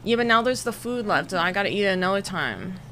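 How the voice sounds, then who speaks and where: A woman's voice: medium pitch, lively intonation, fast, bright, forceful tone, a little hiss or hum. A young woman livestreaming from home, chatting casually and greeting viewers one by one in a rambling way. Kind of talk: casual chat with live chat. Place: home room, air conditioner running.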